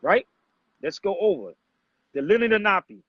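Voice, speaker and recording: A man's voice: high voice, big pitch swings, slow, no room sound. A man hosting a casual livestream, lecturing his viewers and calling out a commenter in a preachy, confrontational way. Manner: preachy, confrontational, addresses chat as family. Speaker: livestream host. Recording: dull, muffled lo-fi livestream audio.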